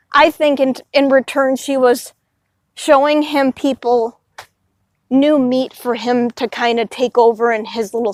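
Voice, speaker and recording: A woman with a high voice talks through a long personal story in a loose, rambling way and keeps dropping in "you know" asides. The sound is dry and close, with no room echo. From Illinois, United States. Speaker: vlogger. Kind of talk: casual storytelling monologue.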